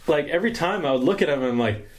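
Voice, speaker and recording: A man's voice: a little high, animated, rapid-fire, a little hiss or hum. A man co-hosting a casual podcast, putting in dry, teasing asides. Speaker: podcast co-host. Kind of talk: casual chat.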